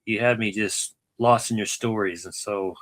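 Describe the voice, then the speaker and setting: A man with a somewhat low voice hosts a relaxed interview. He talks in short, easygoing phrases and keeps calling his guest "man". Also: moderate pace. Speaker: podcast host. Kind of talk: casual interview.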